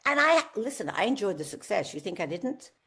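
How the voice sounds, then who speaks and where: A woman in her seventies talking in a candid podcast interview. She tells her stories with life and slips into the voices of people she quotes. Her pitch sits in the middle for a woman. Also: fairly quick, husky. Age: 70s. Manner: lively storyteller, acts out quoted voices. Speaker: guest singer.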